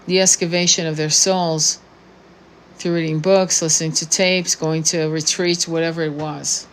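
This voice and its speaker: A woman's voice: on the low side, a little hiss or hum. A woman in her sixties, a tarot reader and spiritual coach, talking straight to her viewers in a blunt, profane, impassioned monologue full of restarts. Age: 60s. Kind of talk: unscripted monologue to camera.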